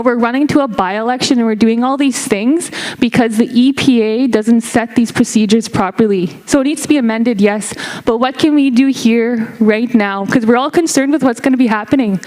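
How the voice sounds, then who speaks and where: A woman's voice: fairly high pitch, a little mellow, poor audio. A young woman from Canada speaking up at a community band meeting, earnest and emotional, sometimes searching for her words. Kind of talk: impassioned public address.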